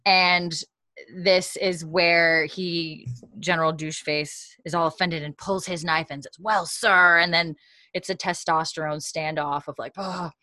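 A woman tells a show's story in casual chat, slipping into quick impressions of the characters as she goes. Her voice sits low, and the sound is dry and close. She laughs easily along the way. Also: dry recording. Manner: lively storyteller, acts out quotes, laughs often. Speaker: podcast co-host recapping a show.

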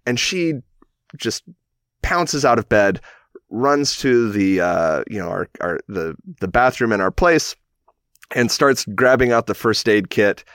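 Man in his thirties, lowish voice, dry close mic, casual rambling storyteller, self-correcting. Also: animated, measured pace, a bit bright, dry recording. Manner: rambling, self-correcting, chuckles while telling.

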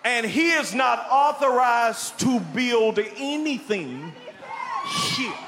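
A man's voice: very high-pitched, animated, slow, big-room sound, crowd noise, background noise. A man preaching, fervent and hollering calls to the congregation. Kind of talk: shouted sermon.

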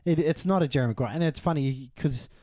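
A man co-hosting a casual film discussion podcast, rambling and animated, often saying "you know". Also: fairly high pitch, fast, no room sound, clean studio sound. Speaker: podcast co-host.

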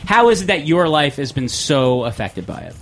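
A man's voice: a little high, moderate pace, a little hiss or hum. A young man hosting a casual radio talk show, jokey and talking over his co-hosts. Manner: animated, jokey, talks over others.

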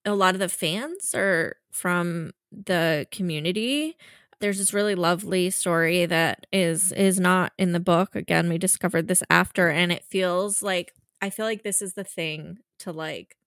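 Woman, author guest, earnest, heartfelt, gravelly low voice, dry close sound. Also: fairly bright tone, no echo. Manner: earnest, heartfelt, fast with restarts. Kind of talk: emotional conversational interview.

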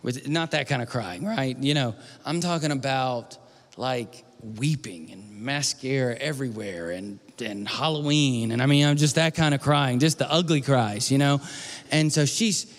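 A man preaching a sermon, telling a personal story and moving from hushed near-whispers to loud pleading. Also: mid-range voice, normal speed. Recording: long hall reverb with faint music.

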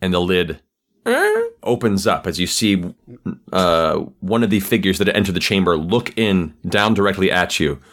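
A man narrating a tabletop game as game master, describing the scene in a measured way. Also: low voice, fairly bright tone.

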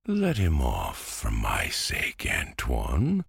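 A man's voice: extremely low pitch, wildly swooping pitch, extremely slow, vocal fry, fairly bright tone, slightly rough, no room sound, clean studio sound, exaggerated voice. A man voicing a cheery, bossy talking pumpkin in a storybook reading, speaking in a coaxing, persuasive way.

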